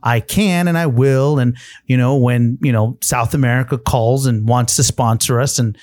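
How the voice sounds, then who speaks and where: A man's voice: medium pitch, steady tone, moderate pace, darkish tone, no echo. A man co-hosting a podcast, chatting casually and animatedly, acting out quoted voices. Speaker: podcast co-host.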